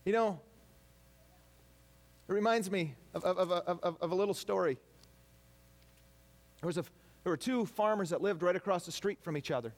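High-voiced man preaching animatedly. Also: normal speed, pauses often. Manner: animated preaching, acts out quoted complaints. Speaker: pastor. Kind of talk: sermon.

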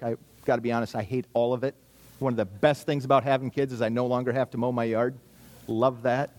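A middle-aged man preaching a sermon in a conversational way, asking rhetorical questions and repeating his key phrases. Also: on the high side. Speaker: pastor.

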